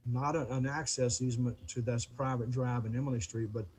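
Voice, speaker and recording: Halting man speaking over a video call. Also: medium pitch, steady tone, a little mellow, a little hiss or hum, rough recording. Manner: halting, repeats words. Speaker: neighbor addressing the commission. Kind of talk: public comment at a meeting.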